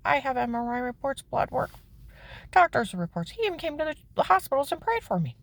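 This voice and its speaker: A woman telling the story of her own life in plain words, emphatic and indignant, her voice climbing high when she is upset. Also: very animated, brisk, creaky. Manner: plain-spoken, with frequent "okay?" asides. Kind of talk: personal testimony, candid storytelling.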